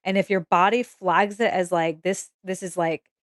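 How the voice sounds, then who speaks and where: A young woman, a tarot reader, speaks with a fairly low pitch, fairly even intonation and a moderate pace, on a dry recording with clean studio sound. She gives a casual, emotional tarot reading to camera, swearing freely and checking in with "okay?" as she goes.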